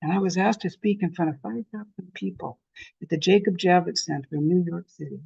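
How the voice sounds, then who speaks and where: Older Canadian woman with gravelly voice. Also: lowish voice, a little fast, no echo, highs cut off. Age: over 65. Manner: storytelling, animated, self-deprecating. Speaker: conference speaker. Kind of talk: motivational talk.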